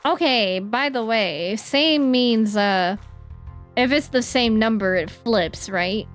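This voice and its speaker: High-voiced woman streaming a game. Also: takes it slowly, faint music behind. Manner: playful, swears, reads game dialogue aloud. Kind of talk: casual gaming stream commentary.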